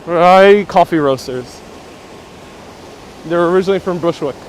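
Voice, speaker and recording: A man's voice: sits high, moderate pace, slight background noise. A man hosting a live-streamed walking tour outdoors, chatting and reacting to viewer comments. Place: outdoors on city streets. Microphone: wireless lapel mic.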